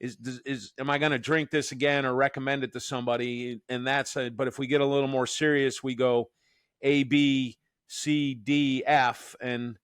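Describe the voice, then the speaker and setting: Man, podcast host, smooth resonant voice, dry close sound, teasing rambling talk. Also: mid-range voice, flat delivery, moderate pace, no room sound. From Northeastern US. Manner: rambling, joking, many restarts. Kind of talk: casual podcast chat.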